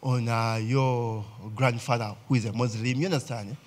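A man's voice: medium pitch, fairly even intonation, normal speed. A Ugandan man preaching a sermon as pastor, talking conversationally and often checking in with the congregation with "eh?" and "okay?".

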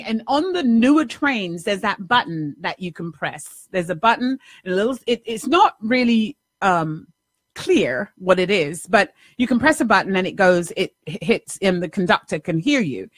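A woman, host and life coach, telling a story in an animated, casual monologue, acting out the dialogue and swearing now and then. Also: on the high side, no echo, studio quality.

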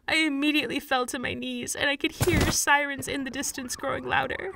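A woman's voice: sits high, steady tone, fairly quick, vocal fry, hardly any pauses, no room sound. A woman narrating a first-person horror story in a dramatic, emotional reading style. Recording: distant mic with loud background music.

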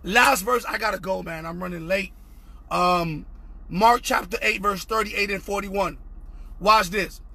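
Young male preacher, high husky voice, fervent and repetitive online sermon with shouted peaks. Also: unhurried. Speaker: pastor.

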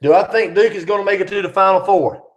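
With a high-sitting voice and a quick pace, a middle-aged man hosts an easygoing live chat. He reads viewer questions out loud and answers each one in a talkative manner.

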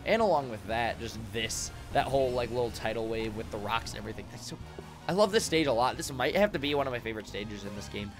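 A young man streaming a game from a home room with acoustic foam, rambling excitably, swearing and laughing often. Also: medium pitch, quick pace, music in the background. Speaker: gaming streamer. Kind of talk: casual live-stream commentary while gaming.

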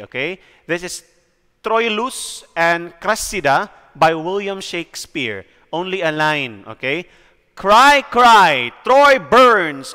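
Young male teacher, Cebuano accent, high and crisp, slow patient lecture, reverberant space. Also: sharp tone. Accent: Filipino, Cebuano. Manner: slow, explanatory, checks in with "okay?". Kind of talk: recorded classroom lecture.

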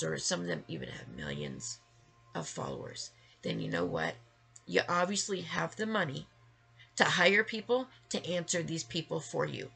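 A woman's voice: lowish voice, gravelly, a bit bright, husky. A woman vlogger delivering an emotional, angry rant to the camera, emphatic and full of swearing. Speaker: vlogger sharing her story.

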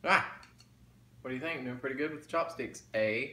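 A man's voice: medium pitch, a little fast, pushed and bright. A man chatting casually to viewers while eating, folksy and talkative. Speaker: mukbang vlogger. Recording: roomy echo, faint background noise.

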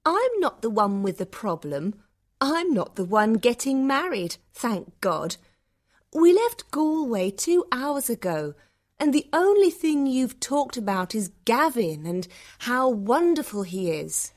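A man's voice: high voice, expressive, slow, voice pushed up. A man voicing a sarcastic, bitter young woman in an audiobook story for learners. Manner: sarcastic, cutting.

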